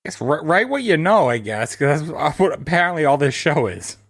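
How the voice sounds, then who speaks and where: A man co-hosting a casual podcast, cracking quick jokes. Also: a little high, sing-song, a bit bright, dry recording, clean studio sound. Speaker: podcast co-host.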